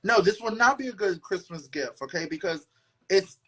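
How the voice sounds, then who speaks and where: A man hosting a casual podcast chat, talking in a loud, dramatic and sassy way. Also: high-pitched, animated, moderate pace, husky. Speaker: podcast host.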